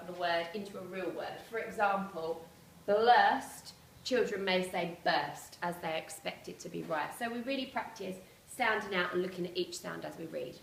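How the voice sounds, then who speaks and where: Teacher in an echoey room. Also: female voice, medium pitch, a bit bright, far from the mic, a little hiss or hum. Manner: clear, explanatory, spells out letters slowly. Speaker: primary school teacher. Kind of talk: presentation to parents.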